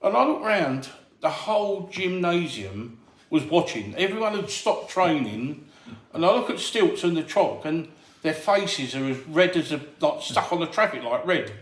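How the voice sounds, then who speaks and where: A man's voice: on the high side, moderate pace. Man acting out a story in an echoey room. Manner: animated storyteller acting out other people's voices. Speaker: doorman telling stories. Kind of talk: casual anecdote telling.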